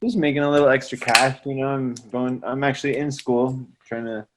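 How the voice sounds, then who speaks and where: A man who teaches music, telling stories in a casual chat, animated and slangy, often tacking "man" onto his lines. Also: mid-range voice, fairly quick, noisy background. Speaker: music teacher and salsa trumpet player.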